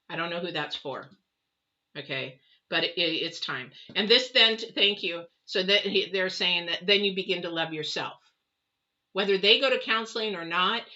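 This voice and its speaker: A middle-aged woman giving a live tarot reading in a lowish, bright, forceful voice. She rambles in a chatty way and talks straight to her viewers. The sound is dull and lo-fi. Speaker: tarot reader.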